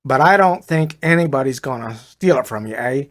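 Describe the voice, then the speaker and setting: A man's voice: medium pitch, expressive, moderate pace, lightly acted. A man reading a storybook who voices a breezy young male afterlife clerk with a New York-tinged accent and a touch of Canada, tagging lines with "eh". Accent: somewhere south of Brooklyn with a touch of Canada.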